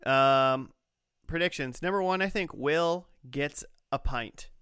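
Bright, crisp-voiced man chatting casually. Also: fairly high pitch, slow, dry recording, studio quality. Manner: rambling, lots of "like" and "you know". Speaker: podcast co-host. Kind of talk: casual chat.

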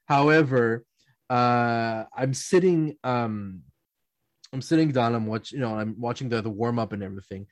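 A man at an ordinary middle pitch tells casual stories on a podcast panel. He rambles, laughs often and restarts his sentences. The sound is dry and close. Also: moderate pace, no room sound. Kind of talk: casual storytelling chat.

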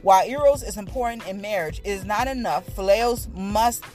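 An older woman, chatting casually about Bible teaching to viewers, playful and animated, often laughing and singing bits of phrases. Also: normal speed, soft background music. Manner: animated, with sudden high pitch jumps. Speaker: faith talk host.

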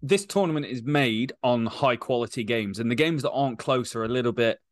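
Co-host: man, mid-pitched, frank and measured, dry close sound. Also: no room sound. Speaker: podcast co-host. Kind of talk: casual sports podcast chat.

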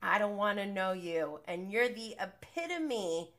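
A woman hosting a casual podcast, recapping a reality show in a gossipy, animated way and acting out quotes. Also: measured pace. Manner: animated, gossipy, acts out quotes with big pitch jumps, laughs often.

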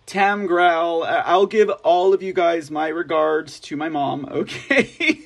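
A man's voice: a little high, lively intonation, slow pace. Chatty, laughing man hosting a live show. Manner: chatty and rambling, laughs often. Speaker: host. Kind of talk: casual live-show chat. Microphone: phone.

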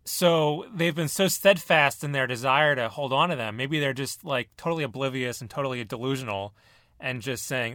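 A man's voice: mid-range voice, fairly bright tone, no room sound, clean studio sound. A man hosting a casual football podcast, leading the talk with questions and quips. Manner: leads the talk, asks questions, quick quips. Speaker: podcast host.

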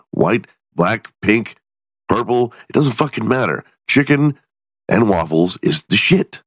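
Male podcast host, low voice, stuffed-up and nasal, crude sarcastic humor, dry close sound. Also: dry recording. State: congested, nasal from a cold. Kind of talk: casual comedic news commentary.

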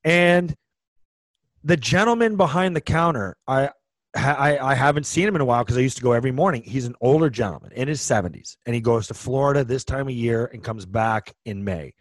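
A man in his forties co-hosting a hockey podcast, chatting loosely and circling back over his own words. His voice sits in a middle pitch and sounds dry and close to the mic, with no room around it. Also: a little fast, no echo. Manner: rambling storyteller with many restarts. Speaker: podcast co-host, former hockey player. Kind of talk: casual chat.

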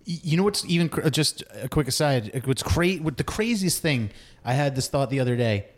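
A man co-hosting a podcast in casual, profane chat, animated and quick to get worked up. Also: mid-range voice. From lived in New York. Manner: animated, swears freely, yells when quoting. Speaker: podcast co-host.

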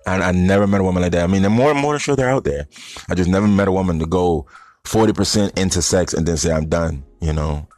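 Low voiced guy rambling his opinions at his viewers, real blunt, dry sound. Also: fast talker, darkish tone, no echo. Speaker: vlogger addressing stoner audience. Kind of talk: casual opinion monologue.

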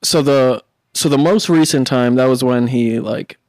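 A man's voice: mid-range voice, measured pace, a little mellow, no echo. A young man in casual chat, rambling with lots of fillers and swearing as he talks about his son. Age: young adult.

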